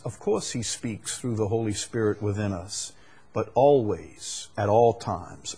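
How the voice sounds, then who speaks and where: A man preaching a sermon to a congregation in a church. He moves between loud, emphatic peaks and low, quiet passages, and puts rhetorical questions to his listeners. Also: husky. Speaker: pastor.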